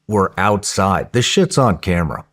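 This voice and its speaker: In a podcast interview, a man with a deep voice tells a story a little slowly, casual and excitable, swearing and frequently restarting his sentences.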